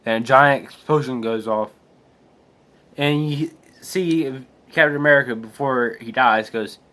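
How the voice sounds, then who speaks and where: A man's voice: mid-range voice, measured pace, sharp tone. A man casually retelling a comic book aloud, hesitant with restarts and fillers. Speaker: comic book reader and reviewer.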